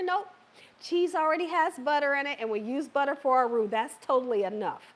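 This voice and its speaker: A woman's voice: high voice, quick pace, fairly bright tone. A woman hosting a live cooking stream, chatting playfully with her viewers and the live chat and laughing as she cooks. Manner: playful, laughs and cheers herself on. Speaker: cooking show host.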